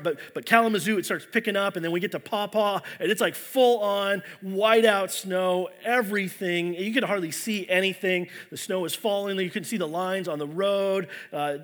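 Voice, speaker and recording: Bright-voiced man preaching a sermon. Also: high voice. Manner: earnest, storytelling with many restarts. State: unwell. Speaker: pastor. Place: church.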